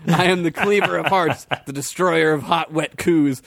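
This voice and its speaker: A man voicing a brash, crude male warrior who boasts with a slow, swaggering delivery. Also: on the high side, vocal fry, a bit bright, dry recording, clean studio sound. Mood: boastful.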